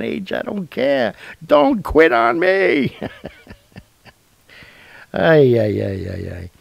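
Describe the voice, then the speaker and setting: A man's voice: mid-range voice, gravelly, darkish tone, husky, no room sound. A man hosting a live online show, rambling and joking in casual chat. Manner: rambling, jokey, with fillers and laughs. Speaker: show host.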